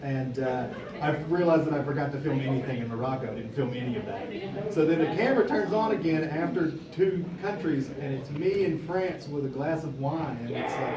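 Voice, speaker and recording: A man's voice: fairly high pitch, a little fast, a loud crowd. A young man moderating a convention panel, telling a casual anecdote with frequent laughter. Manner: animated storyteller, laughing often. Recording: echoey room, distant mic, background noise.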